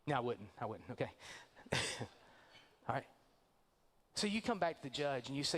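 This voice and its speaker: A man's voice: mid-range voice, very animated, moderate pace, long pauses, a bit bright. A man, a pastor, preaching a sermon and telling a story with acted-out voices. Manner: storytelling, acting out quoted voices. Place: church sanctuary.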